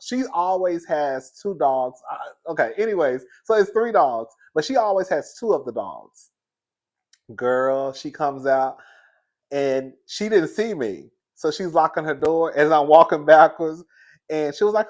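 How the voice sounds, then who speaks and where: A man telling a casual story to the camera in a chatty gossip style, often calling the listener "girl" and laughing through it. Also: moderate pace. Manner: animated, high-pitched and loud when laughing through the story. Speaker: vlogger.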